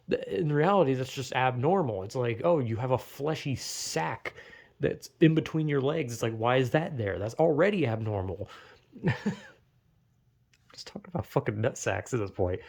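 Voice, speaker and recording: A man's voice: medium pitch, darkish tone. A young man talking alone in a loose, rambling way, swearing often and laughing at his own tangents. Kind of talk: casual rambling monologue.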